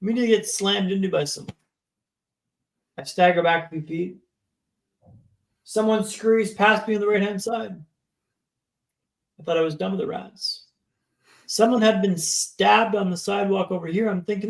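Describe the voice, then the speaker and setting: A man's voice: high voice, normal speed, creaky, long pauses. A man in his thirties, a podcast guest telling his story in a vivid, dramatic way and often checking in with "right?". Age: 30s. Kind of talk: storytelling interview. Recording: echoey room.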